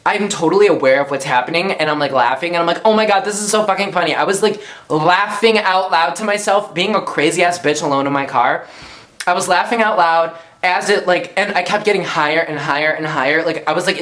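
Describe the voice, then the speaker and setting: A man's voice: a little high, a bit bright. A young man telling a casual storytime vlog at home, slangy and chatty, packing his talk with "like". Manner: chatty, slangy, heavy on "like" fillers. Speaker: YouTuber.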